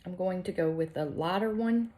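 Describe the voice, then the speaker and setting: Lady in her 40s-ish chatting thru her makeup, kinda low voice, jokes on herself, drops to whispers. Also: normal speed, dark tone, a little hiss or hum. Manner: chatty, self-deprecating, drifts into whispers while applying makeup. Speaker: beauty vlogger. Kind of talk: casual makeup tutorial chat.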